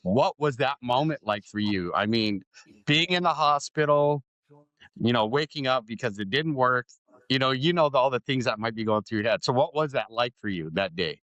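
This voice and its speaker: Medium in pitch and at normal speed, a middle-aged man hosts an interview podcast, recorded dry with the highs cut off. He spins stories with animation, imitating the voices he quotes, and regularly drops a "right?" into the conversation.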